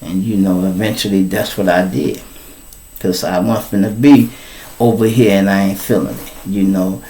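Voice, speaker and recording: Profane, animated Chicago man telling stories. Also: moderate pace, rough recording. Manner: animated, profane, acts out voices in high falsetto. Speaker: storyteller host. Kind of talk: casual live storytelling.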